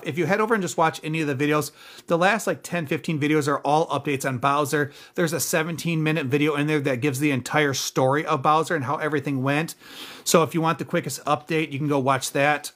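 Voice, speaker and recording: A man's voice: on the high side, fairly even intonation, quick pace, a bit bright. A man hosting a casual livestream, reading out viewer names and comments in an upbeat, thankful way. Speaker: livestream host.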